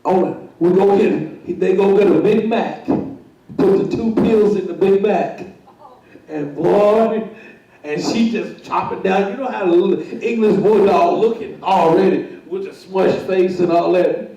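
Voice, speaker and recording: A guest storyteller, this man has a high-pitched, creaky, dark-toned voice and an unhurried pace as he tells a comic story on stage. He chuckles, repeats himself and performs the characters' voices. The muffled recording comes from a very echoey room, with him distant from the mic.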